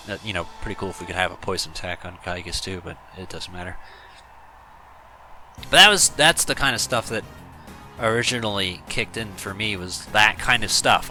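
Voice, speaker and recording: Casual let's-play host, male, very bright tone, loose rambling delivery, faint game music underneath. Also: fairly low pitch. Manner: rambling, storytelling, many fillers. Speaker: gaming YouTuber.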